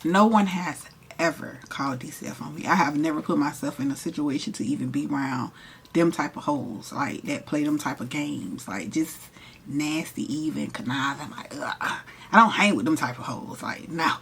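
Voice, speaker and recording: A young woman, casually telling a profane, animated story while doing her makeup. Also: low voice, moderate pace, creaky, a little hiss or hum. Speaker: hairstylist and vlogger.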